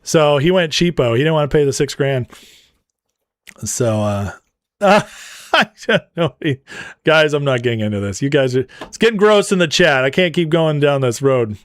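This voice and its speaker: A man's voice: fairly high pitch, animated, normal speed, no echo, studio quality. A man hosting a casual livestream, reading viewer super chats aloud and often breaking into laughter. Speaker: livestream host.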